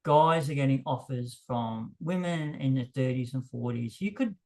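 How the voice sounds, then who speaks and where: Man vlogging off the cuff; frank, emphatic, pitch leaps up when heated. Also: lively intonation, moderate pace, a little mellow. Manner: emphatic, voice jumps higher when worked up; frank, blunt, self-deprecating. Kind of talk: unscripted monologue to camera.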